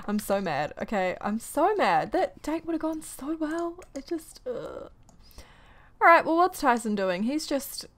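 A young woman gaming YouTuber with a high-sitting voice gives casual let's-play commentary. She's exasperated and ranting, often breaking into quick laughs.

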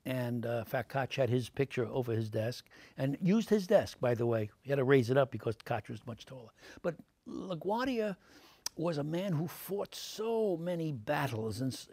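An older man, an actor answering interview questions with lively anecdotes full of fillers, in a TV studio. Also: medium pitch, creaky, dry recording. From Brooklyn, New York. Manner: animated anecdotes, many fillers, acts out quoted voices.

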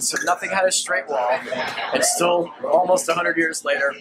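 A man's voice: a little high, a loud crowd, poor audio. Man with a raised voice giving a tour. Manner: friendly guide, pauses with fillers. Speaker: restaurant tour guide. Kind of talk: walking tour presentation.

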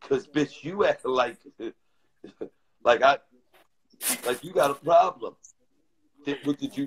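A middle-aged man telling crude stories casually on a live stream, animated and profane, acting out both sides of his arguments. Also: mid-range voice, slow pace, long pauses, low-quality recording.

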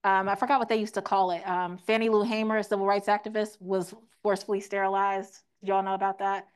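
A woman's voice: medium pitch, flat delivery, fast talker, clear, resonant tone. A young woman teaching a room, asking the audience questions and acting out quoted voices. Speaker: teach-in speaker. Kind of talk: interactive classroom lecture.

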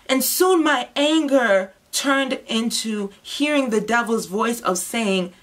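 A young woman giving an emotional personal testimony, moving between hushed, heavy moments and impassioned outbursts. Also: high-pitched, big pitch swings, moderate pace. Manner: intense, swings from hushed to impassioned. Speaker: testimony speaker.

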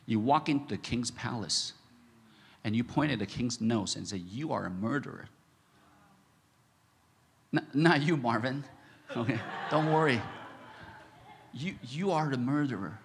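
A man preaching a sermon as pastor, halting with many fillers and restarts, then bursting into animated emphasis. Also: mid-range voice, a little hiss or hum. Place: church sanctuary. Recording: echoey church hall.

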